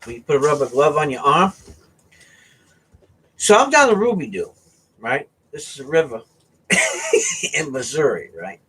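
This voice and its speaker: A man from the US East Coast spins a casual anecdote, his husky voice swinging up high and jumping all over. He keeps checking in with "right?" as he goes. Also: a little slow, pauses often. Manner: animated, keeps asking "right?". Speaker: storyteller.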